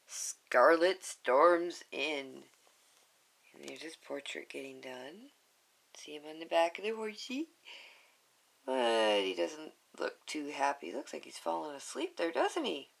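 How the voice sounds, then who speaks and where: A woman's voice: sits low, very animated, slow, creaky. A woman reading a picture book aloud to viewers, with chatty, giggly asides. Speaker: storybook reader.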